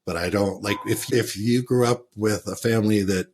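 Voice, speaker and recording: A man hosting a travel podcast, asking questions in an animated, laughing way and acting out what listeners might say. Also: lowish voice, normal speed, slight background noise. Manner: animated, laughs, acts out quotes. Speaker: podcast host. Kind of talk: casual interview conversation.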